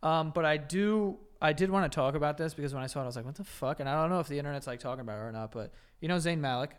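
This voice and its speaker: Brief: male podcast co-host, casual and jokey, clean resonant voice, slightly higher pitch. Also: very fast, smooth. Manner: jokey, laughing through ad copy. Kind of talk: casual chat with ad reads.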